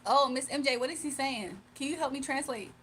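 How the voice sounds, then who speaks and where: A woman's voice: high voice, fairly quick, a bit bright, slight background noise. A young woman chatting casually on a livestream, reading chat aloud, laughing often and teasing her viewers. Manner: playful, teasing.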